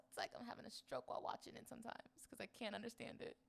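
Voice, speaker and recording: A young woman from Florida, co-hosting a podcast in chatty, animated casual conversation. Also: a little high, very fast, vocal fry, few pauses. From Florida, United States. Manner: chatty and animated, swings into playful put-on voices. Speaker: podcast co-host. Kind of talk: casual chat.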